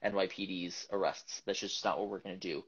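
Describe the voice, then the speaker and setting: A man hosting a casual podcast chat, talking in a rambling, animated way with many restarts and laughs. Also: sits low, a little fast, a crowd in the background. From United States. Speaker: podcast host. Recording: dull lo-fi podcast audio.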